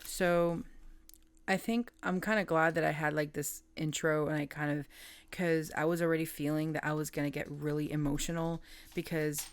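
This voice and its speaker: A woman's voice: deep voice, steady tone, normal speed, clean tone, no room sound. A woman reading tarot in a casual, chatty way, laughing often and trailing off mid-thought. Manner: coos softly at her pet. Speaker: tarot reader.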